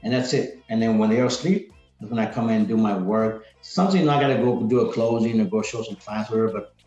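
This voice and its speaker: A man's voice: fairly low pitch, quick pace, warm tone, faint music behind. A man, a podcast guest, chatting casually and energetically, rambling with lots of "like" and "man". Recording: roomy, dull lo-fi sound.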